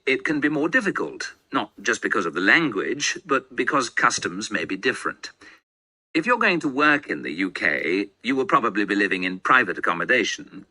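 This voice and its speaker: A formal, measured speaker delivering a welcome talk. His voice sits low but moves a lot, and it has a very bright, sharp edge. The sound is dry and close. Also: dry recording, full character voice. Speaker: lecturer in a listening-test recording.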